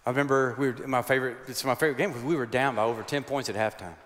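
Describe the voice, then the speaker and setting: A man's voice: mid-range voice, steady tone, very fast, fairly bright tone. Guy in his 60s preaching, funny folksy stories, big echoey hall. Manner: folksy, humorous storytelling. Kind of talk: chapel sermon. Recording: long hall reverb.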